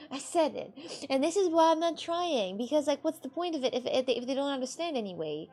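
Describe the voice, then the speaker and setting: A woman's voice: sits high, big pitch swings, fairly quick, a little mellow. Chatty, laughing woman with accented English. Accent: non-native English. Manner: chatty, laughing, playful, teasing. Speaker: livestream host. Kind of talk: casual chat with viewers.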